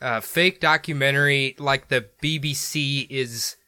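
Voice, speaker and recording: A man's voice: mid-range voice, steady tone, unhurried, sharp tone, clean tone, no room sound, clean studio sound. An American man from Minnesota co-hosting a podcast, rambling easily and laughing often in casual chat. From Minnesota, United States. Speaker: podcast co-host.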